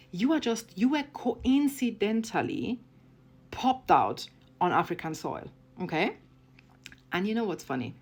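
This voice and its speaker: A woman's voice: mid-range voice, big pitch swings, a little slow. A woman delivering a heated, blunt opinion rant as a vlogger, swearing and sarcastic, often tagging her points with "okay?". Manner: blunt, profane, keeps asking "okay?"; sarcastic, mocking.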